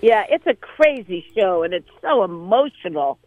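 A man's voice: sits high, no echo, narrow, tinny audio. A man co-hosting a radio interview, enthusiastic about musicals. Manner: enthusiastic, talks fast when excited. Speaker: radio co-host.

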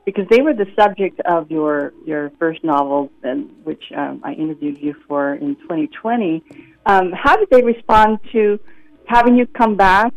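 A woman interviewing an author, asking measured questions with frequent ums. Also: mid-range voice. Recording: dull lo-fi line.

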